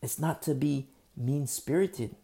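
Gravelly-voiced male pastor preaching. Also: mid-range voice, unhurried. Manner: emphatic preaching, swings between loud bursts and hushed asides; repetitive, with frequent fillers. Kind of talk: sermon.

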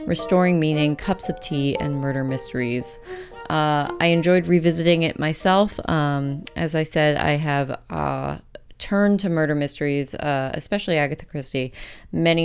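Low-voiced woman reading an essay. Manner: measured, gentle reading; later chatty with many fillers. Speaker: podcast host. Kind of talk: reading an essay, then casual chat.

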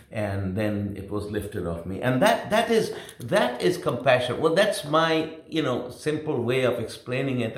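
Earnest older preacher in an echoey room. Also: male voice, medium pitch, creaky. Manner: earnest, repetitive, emotional retelling with restarts. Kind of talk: sermon storytelling.

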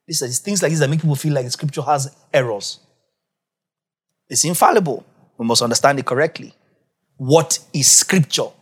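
A man preaching a Bible teaching, asking his audience questions, repeating key phrases, and swinging between quiet low asides and loud emphatic peaks. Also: breathy edge. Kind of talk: sermon-style Bible teaching.

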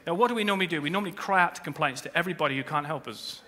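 Pastor guy preaching, super bright voice, jokey asides, church hall echo. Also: on the high side, racing. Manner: animated preaching, swings from quiet to shouting; humorous asides. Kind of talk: sermon. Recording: long reverb of a church hall.

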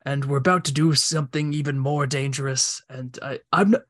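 A man at a tabletop game, describing a scene and speaking in character in a relaxed way. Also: mid-range voice, fairly quick. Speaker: player. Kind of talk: tabletop role-play.

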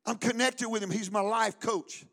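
Man, pastor, very high pitch, fervent call-and-response sermon. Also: fairly even intonation, normal speed, fairly bright tone. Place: church service.

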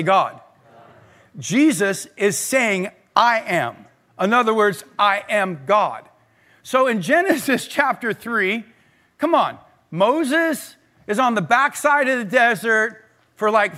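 High, bright-voiced energetic male pastor. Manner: energetic, calls on the congregation to respond. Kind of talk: sermon. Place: church service.

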